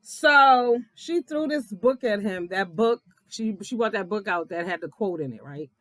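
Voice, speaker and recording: A woman giving a blunt, profane, animated recap of a reality TV episode, laughing often as she talks. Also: mid-range voice, a little slow, no echo. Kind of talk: casual episode recap commentary.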